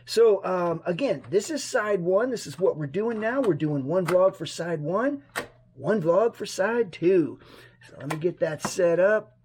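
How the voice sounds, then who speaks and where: A hoarse man chatting casually to his vlog camera at home, rambling and talking himself through each step. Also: high voice, animated, a little slow, a little mellow, slight background noise. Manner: chatty, rambling, self-talk. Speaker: vlogger. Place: room at home. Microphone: action camera on a mini tripod.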